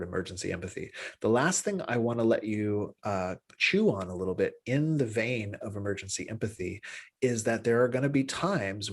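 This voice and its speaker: A man teaching a class on empathy, talking loosely with many restarts and "right?" tags, jumping up in pitch to act out little dialogues. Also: husky. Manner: animated, acts out little dialogues with pitch jumps. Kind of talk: spoken class lecture.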